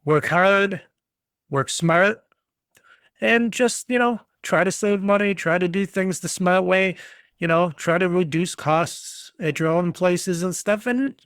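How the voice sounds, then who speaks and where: Blunt ranting man with a gravelly voice. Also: sits high, takes it slowly, a bit bright, no echo, studio quality. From United States. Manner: blunt, ranting, swears freely. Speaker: podcast host. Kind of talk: solo podcast rant.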